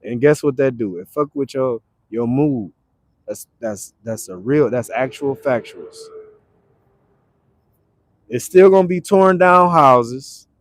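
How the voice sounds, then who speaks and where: A man from Detroit talking casually on a livestream, animated and repetitive, breaking into loud acted retorts. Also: mid-range voice, slow pace, no echo. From Detroit, Michigan. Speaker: livestream host. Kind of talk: casual motivational livestream talk. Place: now staying in Arizona.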